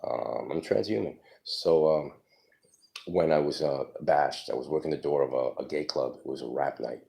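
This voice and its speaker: A man in his forties telling stories from his life in a casual, rambling way, halting with many ums. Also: rumbling low, creaky, mellow. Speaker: storyteller. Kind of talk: casual personal storytelling.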